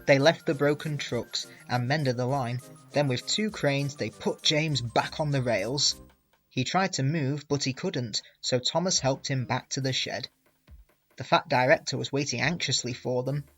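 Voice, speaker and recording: A man reading a children's railway story aloud in a clear, gentle storytelling manner. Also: medium pitch, measured pace, soft background music. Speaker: reader.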